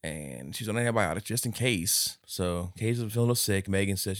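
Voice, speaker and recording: A man's voice: lowish voice, brisk, hardly any pauses, dry recording, clean studio sound. A man co-hosting a casual movie review podcast, retelling scenes with lots of swearing and acted-out voices. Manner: animated, swears a lot, acts out lines in big voices. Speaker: podcast co-host.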